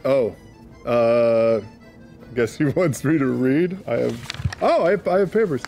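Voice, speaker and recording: A man's voice: medium pitch, lively intonation, measured pace, gravelly, darkish tone, faint music behind. A man reading a sponsor ad in a flustered, joking way with a mock French lilt. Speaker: cast member reading a sponsor ad. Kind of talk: comedic ad read.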